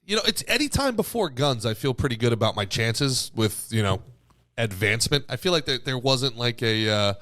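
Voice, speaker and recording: A man's voice: mid-range voice, animated, normal speed, a bit bright, dry recording. Young male co-host, casual crude banter, restarts a lot, dry recording. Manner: crude, joking, rambling with restarts. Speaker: podcast co-host. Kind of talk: casual comedic chat.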